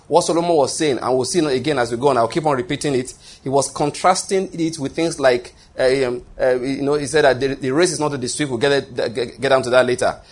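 A male pastor preaching a sermon, emphatic and repetitive, often restarting phrases and asking his listeners if they follow. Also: medium pitch. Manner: repetitive, emphatic, with frequent restarts and rhetorical questions.

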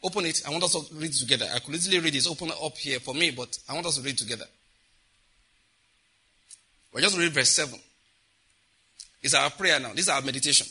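A man preaching a sermon as pastor, animated, with asides and a husky voice. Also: a little high, quick pace, long pauses, poor audio.

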